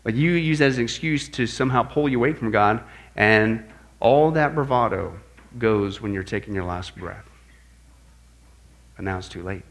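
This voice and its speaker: A man preaching an apologetics lesson in an animated way, dropping low for stories and rising loud for quoted voices. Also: moderate pace, pauses often. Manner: animated, shifts between loud quoted outbursts and low hushed storytelling. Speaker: pastor teaching apologetics. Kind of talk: sermon-style teaching.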